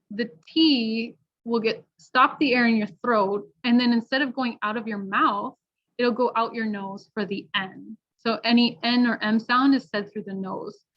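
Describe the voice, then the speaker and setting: A woman teaching pronunciation, modeling words slowly and repeating each one clearly. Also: fairly high pitch. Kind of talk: slow, clear pronunciation lesson. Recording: dull lo-fi online class audio.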